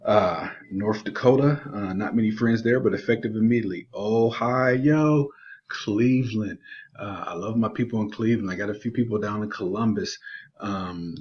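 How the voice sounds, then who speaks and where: Male GED teacher, lower register, enthusiastic and full of "uh"s, dull lo-fi recording. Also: brisk. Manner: warm, excited shout-outs with frequent fillers. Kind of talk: enthusiastic video announcement. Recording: dull lo-fi video audio.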